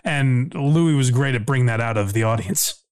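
A man co-hosting a podcast and talking casually with a quick, animated delivery full of fillers. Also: medium pitch. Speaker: podcast co-host.

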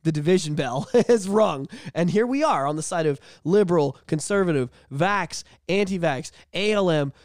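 High voiced podcast dude ranting, swears a lot, dry close mic. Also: male voice, normal speed, hardly any pauses, no room sound. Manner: animated, swearing, mocking voices in falsetto. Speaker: podcast co-host. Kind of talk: casual chat.

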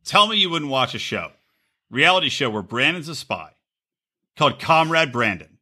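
Bright, lively man cracking crude jokes. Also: on the high side, moderate pace. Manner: crude, animated, jokey. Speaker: podcast co-host. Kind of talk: casual chat.

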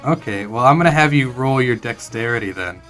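A man's voice: mid-range voice, a little fast, faint music behind. A man narrating and running a tabletop role-playing game in a casual, chatty way. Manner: relaxed, chatty narration with fillers. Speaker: game master.

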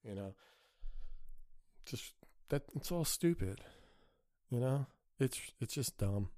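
A man's voice: medium pitch, animated, slow pace, mellow, dry recording, clean studio sound. A man hosting a podcast, delivering a crude, sarcastic solo rant with an exasperated tone. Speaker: podcast host.

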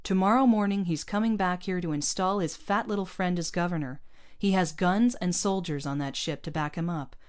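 A woman's voice: on the low side, normal speed, clean tone, lightly acted. A woman reading aloud, voicing a male colony leader who speaks gloomily and firmly. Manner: gloomy, quiet, firm.

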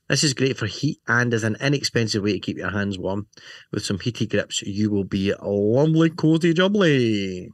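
A lowish-voiced man co-hosts a podcast, joking and rambling through a casual chat about motorcycle gear. The recording is dry with clean studio sound, and he peppers his talk with "you know" and "right?".

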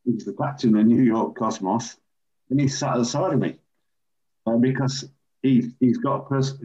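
An older man from England, a former referee, telling animated anecdotes as an interview guest. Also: medium pitch. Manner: animated raconteur, acts out quoted voices. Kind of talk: anecdotal storytelling. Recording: dull lo-fi recording.

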